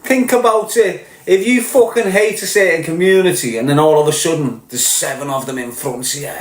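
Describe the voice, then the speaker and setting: A man's voice: on the high side, moderate pace, echoey room, rough recording. A middle-aged man with a Liverpool accent, ranting bluntly and swearing, firing rhetorical questions at his viewers. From Liverpool, England. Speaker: podcast host.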